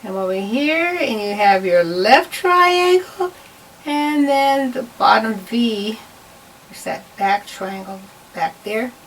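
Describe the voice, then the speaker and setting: A woman's voice: a little high, a little hiss or hum. A woman giving a patient, step-by-step drawing lesson to children. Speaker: art teacher. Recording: voice a bit far from the mic.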